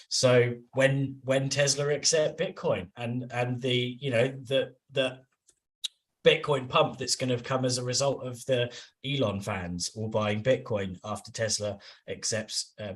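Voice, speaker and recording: A man from England, a regular on a panel show, talking casually with many restarts and fillers. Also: mid-range voice.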